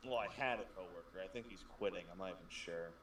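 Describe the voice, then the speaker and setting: A man's voice: sits low, fast, a bit bright, distant mic, a little hiss or hum. A man co-hosting a casual gaming stream, telling stories and swearing freely. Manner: profane, rambling storyteller. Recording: echoey and off-mic with music.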